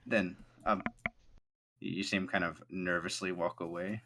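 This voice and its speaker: Male game master, very low bright voice, casual halting narration. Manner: casual, halting, voices characters in brief quotes.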